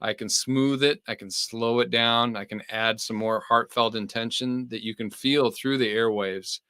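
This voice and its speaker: A man co-hosts a podcast, running on in a flowing, enthusiastic and slightly preachy way. His voice is bright and forceful. The mic is dry and close. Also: mid-range voice, steady tone, moderate pace, clear, resonant tone, no echo. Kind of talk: casual podcast chat.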